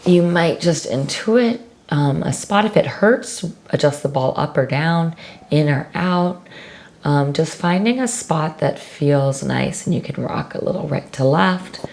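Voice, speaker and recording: A woman teaching a restorative yoga class, giving calm, unhurried cues with casual fillers. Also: sits low, gravelly. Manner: slow, calm cueing with fillers. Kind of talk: guided yoga instruction.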